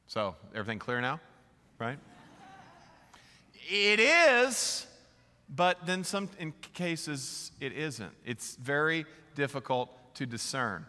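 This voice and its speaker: A man's voice: mid-range voice, sharp tone. A middle-aged male pastor preaching a sermon in a casual, conversational way, full of rhetorical questions. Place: large church hall. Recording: long hall reverb.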